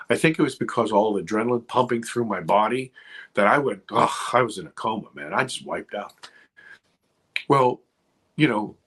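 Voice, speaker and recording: Husky middle-aged guy spinning a dramatic story, voice drops low then jumps up, lots of restarts. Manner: dramatic, swings from loud to hushed, many restarts. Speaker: guest filmmaker. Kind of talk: animated storytelling.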